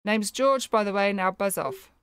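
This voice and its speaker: A woman's voice: medium pitch, normal speed, noisy background, close to an everyday voice. A woman reading out a grumpy, dismissive old man.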